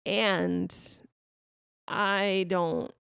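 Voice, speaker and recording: A woman in her thirties hosting a podcast, talking candidly and reflectively, with frequent restarts and soft laughs. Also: mid-range voice, fairly even intonation, extremely slow, gravelly, clear, resonant tone, dry recording, clean studio sound. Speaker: podcast host. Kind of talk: candid conversational podcast talk.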